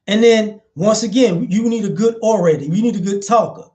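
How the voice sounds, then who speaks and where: A man with a high-pitched voice delivering a blunt, profane commentary vlog. He drives each point home by repeating short phrases, emphatic and cutting. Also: brisk, darkish tone.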